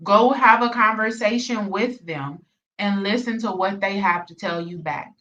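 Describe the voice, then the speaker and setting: A woman's voice: medium pitch, a little slow, pushed and bright. Blunt profane woman, distant lo-fi mic. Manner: blunt, profane, repetitive emphasis. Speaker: reaction channel host. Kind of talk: reaction commentary rant.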